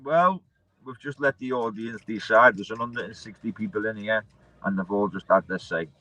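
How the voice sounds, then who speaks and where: A man's voice: lowish voice, moderate pace, pushed and bright, no echo, poor audio. A man hosting a livestream, chatting casually and bluntly, swearing and calling everyone lad. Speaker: livestream host.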